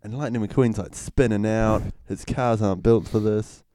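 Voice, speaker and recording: A man's voice: on the low side, fairly even intonation, moderate pace, warm tone, a little hiss or hum. A man co-hosting a casual podcast, recounting a film with frequent giggles. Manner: laid-back, giggly storyteller. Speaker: podcast co-host. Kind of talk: casual comedic chat.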